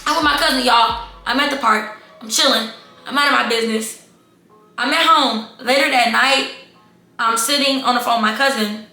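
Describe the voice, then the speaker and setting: A young adult woman telling a casual storytime vlog, animated and talking straight to her viewers as y'all and baby. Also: fairly high pitch, normal speed, roomy sound, soft background music. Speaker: storytime vlogger.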